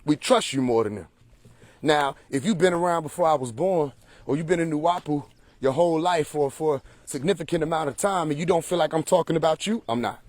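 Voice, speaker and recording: A man talking straight into his phone on a livestream, with a somewhat high voice and a dry, close sound. He is emphatic and preachy and keeps firing rhetorical questions at his listeners. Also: brisk, darkish tone, dry recording. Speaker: livestream host. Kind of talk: casual livestream monologue.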